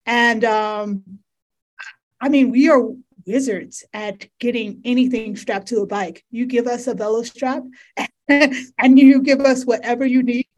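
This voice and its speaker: A woman hosting a casual podcast conversation, gushing with enthusiasm. Her voice sits a little higher than most women's. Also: fairly even intonation, unhurried, a little mellow. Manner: enthusiastic, effusive. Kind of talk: casual chat.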